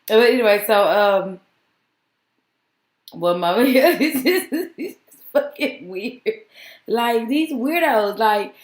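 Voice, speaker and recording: A woman's voice: fairly high pitch, lively intonation, slow, long pauses, roomy sound. A woman talking casually to her viewers in a vlog, laughing often and mocking what she reacts to. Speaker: vlogger. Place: home with dogs.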